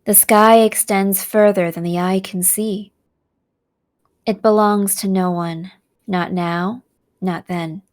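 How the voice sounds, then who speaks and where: A woman narrating a visual novel aloud in a slow, soft storytelling manner. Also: mid-range voice, fairly even intonation.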